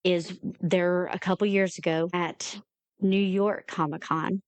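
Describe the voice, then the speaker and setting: A woman's voice: fairly low pitch, fairly even intonation, slow pace, dry recording. A woman talking earnestly and from the heart as an interview guest, telling personal stories. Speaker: guest, independent creator. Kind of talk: candid interview conversation.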